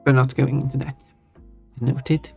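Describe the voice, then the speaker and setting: Streamer guy, mid-pitched, halting casual chat with viewers, soft music behind. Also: flat delivery, husky. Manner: halting, restarts often, chuckles while answering chat. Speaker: livestream host. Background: faint background music.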